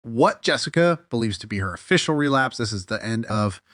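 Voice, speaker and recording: A man narrating a scripted commentary voice-over in a critical, measured way, with occasional fillers. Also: mid-range voice, expressive, fairly bright tone, no echo, clean studio sound.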